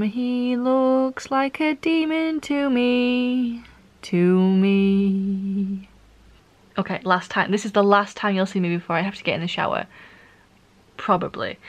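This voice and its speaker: A young woman vlogging her reactions as she reads, excitable and swearing, with frequent gasps and laughter. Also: lowish voice. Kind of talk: reading reaction vlog.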